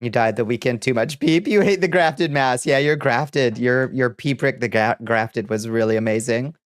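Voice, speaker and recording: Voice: mid-range voice, moderate pace, dry recording. Congested streamer, dry close sound. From Southern United States. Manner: chatty, laughs often, trails off and restarts. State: congested, stuffy nose. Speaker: VTuber streamer host. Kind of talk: casual livestream chat, reading chat aloud.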